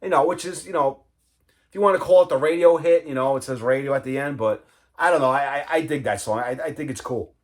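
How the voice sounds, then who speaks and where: A man's voice: medium pitch, fast talker. A man casually chatting about his record collection, enthusiastic and rambling, humming riffs and often saying "man.". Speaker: vinyl collector vlogger. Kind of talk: casual chat showing records.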